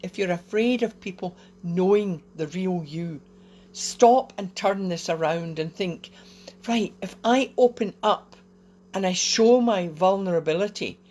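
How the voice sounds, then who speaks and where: Chatty, encouraging woman, low voice. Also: a little mellow. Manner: chatty, encouraging, with small laughs and fillers. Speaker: host of a live wellbeing video. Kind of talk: casual motivational talk.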